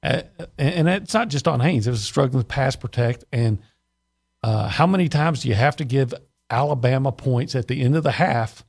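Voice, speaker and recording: A man's voice: mid-range voice, normal speed, creaky, darkish tone, slightly rough. A man giving blunt, opinionated sports analysis on a radio show, often stopping and restarting mid-sentence. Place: radio studio.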